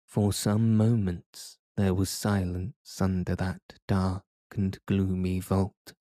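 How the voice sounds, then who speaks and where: Sleepy bedtime story guy, super slow and low, dry close sound. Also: no echo. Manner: calm, soothing. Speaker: sleep podcast narrator. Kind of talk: scripted bedtime story reading.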